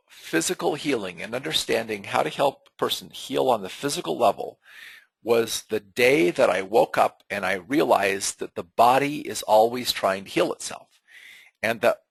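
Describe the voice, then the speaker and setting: A middle-aged man teaches an online webinar in an unscripted, conversational way, often restarting and repeating words. His voice is husky and gravelly, with a breathy edge. The sound is close and dry, with no room around it. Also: mid-range voice, a bit bright, no echo, low-quality recording. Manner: conversational and earnest, with frequent fillers and repeated words.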